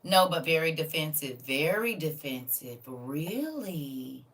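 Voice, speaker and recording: Sassy woman host, bright voice. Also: deep voice, sing-song, takes it slowly, distant mic. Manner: sassy, teasing, preachy, loud bursts of scolding. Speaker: livestream host teaching a class. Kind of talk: casual livestream chat reading comments.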